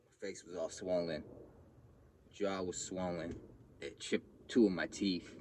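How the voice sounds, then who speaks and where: A man's voice: deep voice, fairly even intonation, measured pace, pauses often, darkish tone, a little hiss or hum. A young man telling a personal story in casual, profane street slang, acting out the other people's lines. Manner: blunt, profane street slang, acts out quotes with raised voice.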